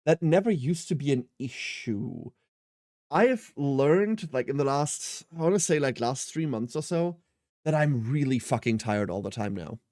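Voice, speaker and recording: A man's voice: mid-range voice, animated, measured pace, a little mellow, no echo, clean studio sound. A man in his thirties streaming a game, chatting casually and rambling with self-mocking humour as he answers chat. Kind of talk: casual live-stream chat while gaming.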